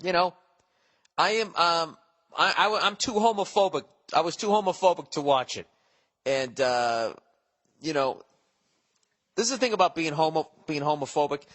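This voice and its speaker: A man's voice: moderate pace, pauses often. A man in his forties hosting a solo podcast, rambling profanely. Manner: profane, rambling, animated swings in pitch and volume. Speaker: podcast host. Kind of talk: casual solo podcast rant.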